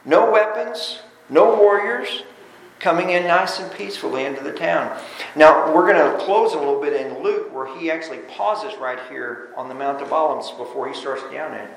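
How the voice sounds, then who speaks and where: A man with a high voice preaches in a church, the sound ringing around a roomy space. He talks animatedly, leaping from loud bursts to low asides and often doubling words as he restarts. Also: normal speed, gravelly. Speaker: pastor. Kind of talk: sermon. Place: church sanctuary. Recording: roomy echo.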